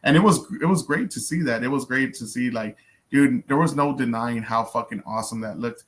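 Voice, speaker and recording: A man's voice: medium pitch, fairly quick, a bit bright. Profane man giving blunt reaction commentary. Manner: profane, blunt, lots of fillers. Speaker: reaction video host.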